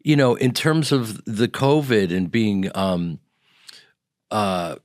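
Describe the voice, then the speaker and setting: A man from the American Midwest, an actor and comedian guest on a radio interview, telling animated stories and acting out the people in them. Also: on the low side, takes it slowly, dry recording, studio quality. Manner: animated storyteller who acts out quoted people. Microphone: studio microphone.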